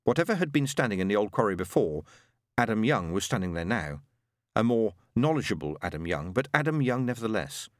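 Expressive male audiobook narrator. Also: fairly low pitch, no echo, studio quality. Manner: expressive storytelling, dramatic pauses.

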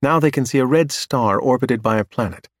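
Male audiobook narrator, steady scripted reading, mid-pitched, dry close sound. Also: brisk, no room sound.

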